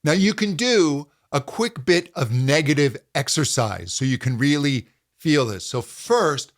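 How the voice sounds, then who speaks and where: A middle-aged man teaching a voice lesson as a vocal coach, calmly explaining and demonstrating hums and pitch slides. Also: a little slow.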